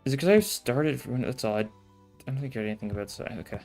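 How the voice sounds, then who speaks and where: A man's voice: mid-range voice, expressive, fast talker, darkish tone, faint music behind. A man streaming a game, giving casual, rambling commentary full of filler words. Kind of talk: casual let's-play commentary.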